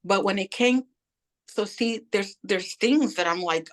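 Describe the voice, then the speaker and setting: A middle-aged woman, appearing as an interview guest, tells her personal story candidly in casual, slangy talk, acting out the voices of people she quotes. Her voice is medium-pitched and unhurried.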